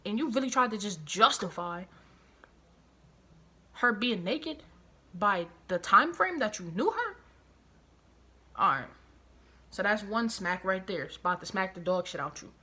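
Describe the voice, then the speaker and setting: A woman vlogger telling a personal story, animated and profane, hammering her points home through repetition and outraged disbelief. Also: medium pitch, a little slow, long pauses, breathy edge. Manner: animated, profane, emphatic retelling with heavy repetition; outraged, incredulous. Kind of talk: storytime vlog.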